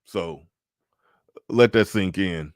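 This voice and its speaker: A man's voice: low voice, slow pace, no room sound, studio quality. A man hosting a casual livestream, commenting emphatically, repeating phrases and stumbling on restarts as he reads out super chats.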